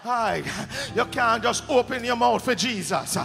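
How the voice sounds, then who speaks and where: Fiery Jamaican preacher over loud music. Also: male voice, extremely high pitch, unhurried, vocal fry. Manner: shouting, exhorting the congregation with bursts of song. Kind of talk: fiery sermon. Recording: music playing loudly behind.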